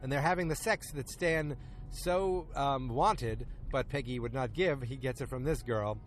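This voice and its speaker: With faint music behind him, this man sits at a medium pitch as he hosts a podcast from a park. He gives a casual, loose episode recap and slips into the characters' lines with quick quoted bits.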